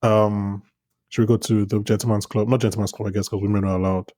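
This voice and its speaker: A man's voice: on the low side, level tone, fast talker, warm tone, dry recording, studio quality. A man co-hosting a podcast, chatting casually about a TV episode with frequent restarts and easy laughter. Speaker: podcast co-host. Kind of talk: casual TV recap chat.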